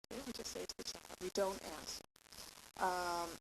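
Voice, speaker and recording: A woman's voice: on the low side, moderate pace, vocal fry. Woman lecturing parents over hiss. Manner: lively, acts out parent and child lines in quotes. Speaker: parenting educator. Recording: steady hiss.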